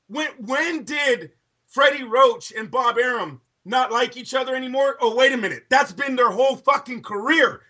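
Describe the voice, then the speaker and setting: A man's voice: extremely high pitch, pushed and bright. A man co-hosting a boxing podcast, ranting in a heated debate, profane and insistent.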